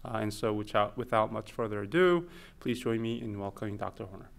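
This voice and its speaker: A man's voice: on the low side, animated, fairly quick, creaky, very noisy. A man hosting a seminar, introducing the guest speaker in a hesitant way with uh and um fillers.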